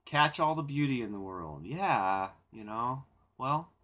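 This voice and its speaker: A man's voice: mid-range voice, unhurried. A young man hosting a live stream, chatting casually with viewers in a rambling way, with repeated words and laughter. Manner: reflective and calm when talking about silence. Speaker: livestream host.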